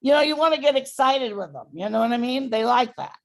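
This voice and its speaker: A woman dog trainer coaches a client, walking him patiently through each step. Her voice sits a little high with a gravelly edge. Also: lively intonation, fairly quick. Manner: patient, directive instructions.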